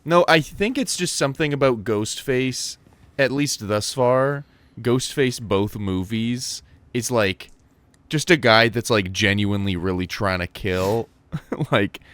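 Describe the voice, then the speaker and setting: A young man co-hosting a podcast in casual chat, chatty and quick to laugh at himself. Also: medium pitch, a bit bright, no room sound. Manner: chatty, laughing, self-deprecating. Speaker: podcast co-host.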